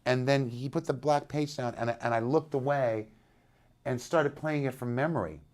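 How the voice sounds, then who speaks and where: A man telling a long story in an interview, animated, often acting out the people he quotes. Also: medium pitch, moderate pace. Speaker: interviewed musician.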